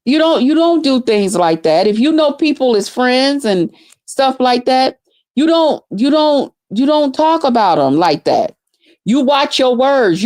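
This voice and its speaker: A woman's voice: high voice, darkish tone. A woman ranting profanely on a livestream, cursing heavily and trash-talking as she repeats herself. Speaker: livestream host.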